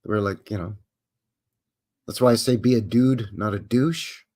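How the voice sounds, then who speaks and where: A man's voice: lowish voice, measured pace, darkish tone. A man from Canada, hosting a live stream in a rambling chat that acts out quoted voices and answers viewers. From Western Canada. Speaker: livestream host.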